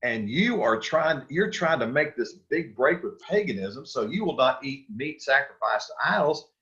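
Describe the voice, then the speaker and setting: A man's voice: medium pitch, sing-song, normal speed, a bit bright, dull audio. A man teaching a church Sunday school class, talking casually with restarts and questions to the group. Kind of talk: Bible study lesson.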